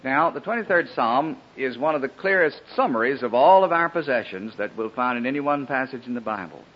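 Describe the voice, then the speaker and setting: Male preacher, husky, swooping delivery, dull lo-fi sermon tape. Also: mid-range voice, lively intonation, brisk. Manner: earnest, pleading, rising and falling emphasis. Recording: dull lo-fi old sermon recording.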